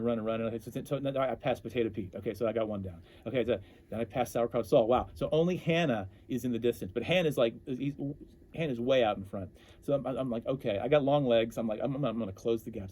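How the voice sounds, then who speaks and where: A man telling stories as an interview guest, animated and often breaking off to restart his sentences. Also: medium pitch. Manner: animated, self-interrupting storyteller. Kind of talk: casual storytelling.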